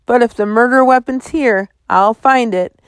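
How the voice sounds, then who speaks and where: A woman reading a steady, easygoing male deputy who sounds a little weary. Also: fairly high pitch, moderate pace, no room sound, natural voice.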